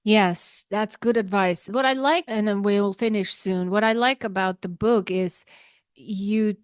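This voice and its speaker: A woman podcast host speaking at a middle pitch, engaged and thinking aloud as she frames her question. The sound is dry and close, with no room echo. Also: measured pace, smooth. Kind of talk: interview questions and comments.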